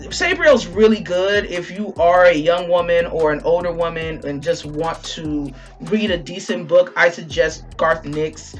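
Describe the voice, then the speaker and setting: A woman's voice: mid-range voice, fairly bright tone. Woman ranting on her channel, fired up, swears a lot, sarcastic, normal mid voice. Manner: heated, profane, sarcastic. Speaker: channel host. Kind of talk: ranting commentary.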